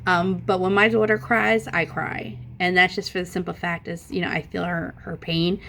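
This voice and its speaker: A middle-aged woman telling a long, profane story in a casual, animated way, her voice jumping up when she stresses a point. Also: fairly low pitch, normal speed, creaky, slight background noise. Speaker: vlogger.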